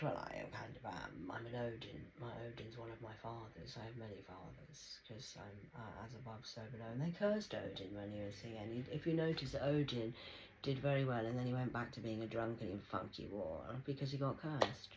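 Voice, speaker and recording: A woman giving a rambling spiritual monologue, swinging between loud exclamations and soft whispers. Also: rumbling low, a little fast, a little hiss or hum, low-quality recording. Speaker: spiritual vlogger.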